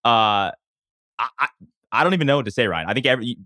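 A man co-hosts a podcast in casual chat, reacting with disbelief and thinking out loud. His voice is bright and forceful at a middle pitch. The recording is close and dry. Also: animated, fast, no room sound. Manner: incredulous, thinking aloud. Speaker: podcast co-host.

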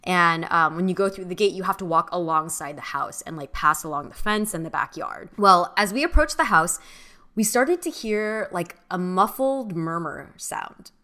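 A young woman with a bright, forward voice that sits slightly low for a woman. She tells a personal story in loose, animated conversation, full of "like" and "um" as she goes. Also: normal speed. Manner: animated storyteller, many fillers. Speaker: podcast co-host. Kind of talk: casual storytelling chat.

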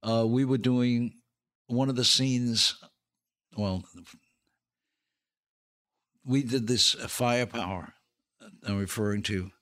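A man's voice: mid-range voice, fairly even intonation, takes it slowly, long pauses, a bit bright. An older man, an actor and comedian, telling show-business stories as a podcast guest, laughing through his punchlines. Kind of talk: casual anecdote telling.

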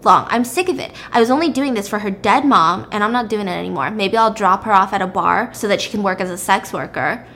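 A woman's voice: mid-range voice, fairly quick, hardly any pauses, fairly bright tone, a little hiss or hum, close to an everyday voice. A woman voicing an aggressive, resentful neighbour man in a harsh tone while recapping a drama. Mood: bitter.

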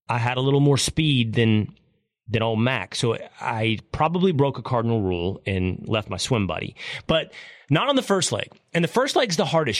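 A middle-aged man hosting a talk show, telling a story in an animated, joking way. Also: on the low side, dry recording, clean studio sound. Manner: animated, jokey storytelling with impressions. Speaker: podcast host. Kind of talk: storytelling monologue.

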